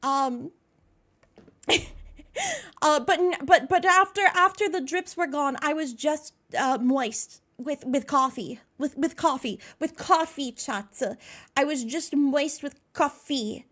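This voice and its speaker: A woman's voice: high voice, slow, fairly bright tone. A young American woman streaming live, chatting casually, greeting viewers by name and laughing at herself. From United States.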